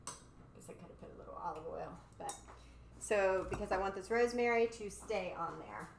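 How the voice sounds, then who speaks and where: A woman's voice: mid-range voice, normal speed, vocal fry, noisy background. A woman hosts a live home cooking show, chatting playfully and rambling while she cooks. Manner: playful, rambling, laughs at own jokes. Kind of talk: casual live cooking chat.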